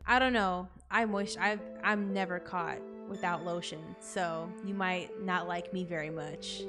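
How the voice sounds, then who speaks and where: A young adult woman playing a game on camera, reading its text aloud and reacting in an expressive, jokey way, with bursts of loud disbelief. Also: on the low side, unhurried, hardly any pauses, over music. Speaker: gaming content creator.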